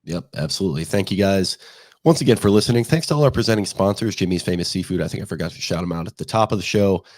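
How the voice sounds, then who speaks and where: A hoarse man co-hosting a casual sports podcast, speaking in a laid-back, rambling way. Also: low-pitched, fast talker, darkish tone, no room sound, clean studio sound. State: hoarse from the season. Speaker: podcast co-host.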